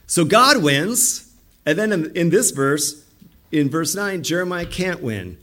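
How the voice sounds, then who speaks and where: A middle-aged man preaching from the pulpit with real animation, his fairly high voice swooping up and down as he acts out the people in his text. He drives each point home to his congregation. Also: big pitch swings, slow, a bit bright. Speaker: pastor. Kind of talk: sermon.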